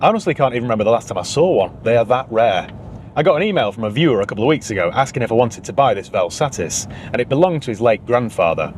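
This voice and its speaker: Chatty Northern English car dealer. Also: male voice, mid-range voice, expressive, quick pace, darkish tone, slight background noise. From England. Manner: chatty, wry and self-mocking. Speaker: used car dealer and channel host. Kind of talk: casual vlog narration.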